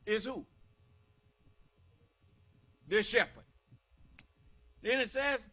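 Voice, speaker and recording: A man's voice: extremely high pitch, expressive, very slow, pauses often, pushed and bright. An American man preaching a scripture-teaching sermon, emphatic and quizzing his listeners with questions.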